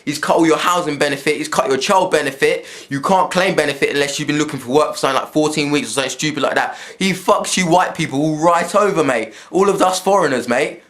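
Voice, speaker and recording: A man's voice: on the high side, fast, hardly any pauses, a bit bright. A man from England, ranting to camera in his room at home, swearing freely and repeating himself as he goes. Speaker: vlogger. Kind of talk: casual rant to camera.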